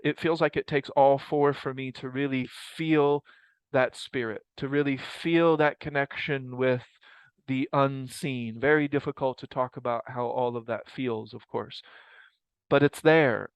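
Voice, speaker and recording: A man's voice: medium pitch, clear, resonant tone, no echo, low-quality recording. A man leading a group study session on a mindfulness practice, talking in a rambling, reflective way and often correcting himself. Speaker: mindfulness teacher. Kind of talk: casual group teaching talk.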